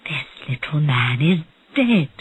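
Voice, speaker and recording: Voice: mid-range voice, sing-song, slow, slightly rough, heavily acted. Narrator voicing a worried scheming doctor. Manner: anxious, scheming.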